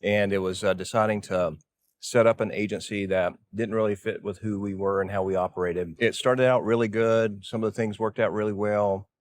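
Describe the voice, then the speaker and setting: A man's voice: lowish voice, steady tone, moderate pace, a little hiss or hum. A middle-aged man with a Southern US accent, an executive chatting casually on camera in a plainspoken, easygoing way. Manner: easygoing, plainspoken, rambles a little. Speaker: company executive.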